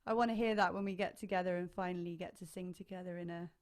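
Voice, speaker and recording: A woman's voice: lowish voice, steady tone, fast, a little mellow. A woman choir leader teaching harmony parts online, chatty and enthusiastic, singing short phrases to demonstrate. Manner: enthusiastic, hesitant fillers.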